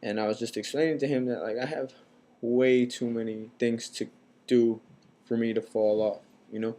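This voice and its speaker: Speaking at a moderate pace with a medium pitch, a young U.S. man in his twenties rambles casually through a personal story for his vlog viewers. Fillers crop up constantly.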